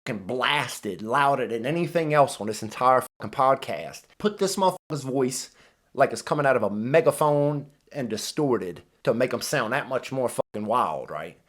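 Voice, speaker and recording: A man's voice: medium pitch, animated, normal speed, fairly bright tone. A man ranting heatedly in a profane reaction commentary, stressing words with lots of cursing. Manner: heated, emphatic, heavy swearing.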